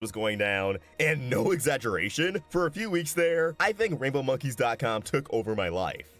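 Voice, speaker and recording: A man's voice: mid-range voice, big pitch swings, moderate pace, a bit bright, faint music behind. A man hosting, narrating a scripted video essay with enthusiastic storytelling. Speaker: host.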